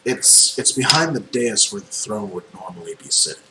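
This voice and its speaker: A man running a tabletop game as game master, describing scenes in unhurried narration with frequent ums. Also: on the low side, expressive. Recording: echoey room with faint noise.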